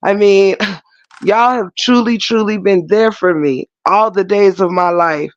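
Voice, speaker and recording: Man, high voice, sassy and mocking, profane, dry close sound. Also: unhurried, no echo, lo-fi sound. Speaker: livestream commentator. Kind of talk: casual drama commentary.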